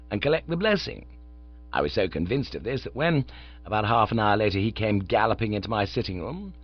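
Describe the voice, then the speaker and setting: A man narrating an audiobook in the first person with relaxed, lightly comic storytelling. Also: on the low side, lo-fi sound.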